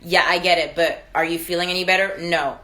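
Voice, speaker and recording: A young woman hosting a casual live stream from home, chatting warmly with viewers, answering their comments and laughing often. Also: fairly low pitch, fairly even intonation, fairly quick.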